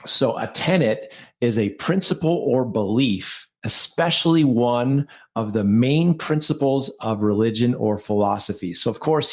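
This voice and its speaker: A man's voice: medium pitch, darkish tone. A man co-hosting a podcast, speaking in a playful, motivational way with lots of alliteration. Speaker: podcast co-host, mortgage coach. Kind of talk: podcast conversation.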